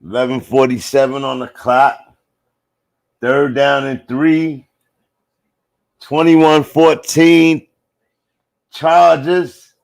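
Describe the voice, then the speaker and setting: A man giving casual live play-by-play commentary, talking straight to his viewers in slang and breaking into loud exclamations on big plays. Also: mid-range voice, level tone, very slow, gravelly, pauses often.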